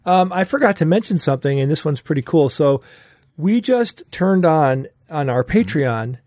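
A man's voice: a little high, lively intonation, normal speed, darkish tone, dry recording, studio quality. A man co-hosting a podcast, giving an upbeat promotional announcement. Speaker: podcast co-host. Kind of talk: casual announcement.

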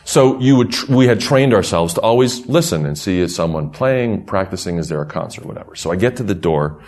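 A middle-aged man casually telling a rambling, animated story, laughing through parts of it. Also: low voice, brisk.

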